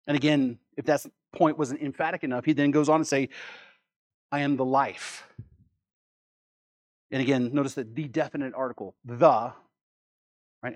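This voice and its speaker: A man with a fairly high voice preaching a sermon. He is emphatic, repeats key words and asks rhetorical questions. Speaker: pastor.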